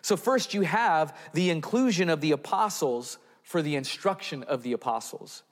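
A man's voice: on the high side, moderate pace. A man preaching a sermon, reading scripture and acting out the apostles with a raised, exasperated voice. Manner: expressive, acts out the apostles in a raised voice. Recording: long hall reverb.

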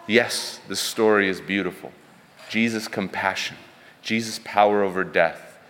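A man's voice: lowish voice, a bit bright, big-room sound. A man preaching a sermon in an earnest, emphatic way, building points through rhetorical repetition.

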